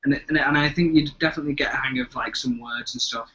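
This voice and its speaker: A man's voice: fairly high pitch, fairly even intonation, fast talker, bright, forceful tone. A man co-hosting a live video chat, rambling and interrupting himself as he tells stories. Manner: rambling, self-interrupting storyteller. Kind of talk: casual chat. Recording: dull lo-fi webcam audio.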